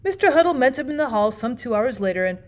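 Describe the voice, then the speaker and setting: A woman teacher narrating a classic short story aloud, steady and expressive, often starting lines with "well". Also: fairly high pitch, fast. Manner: steady, expressive reading with frequent "well" fillers. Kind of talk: audiobook narration.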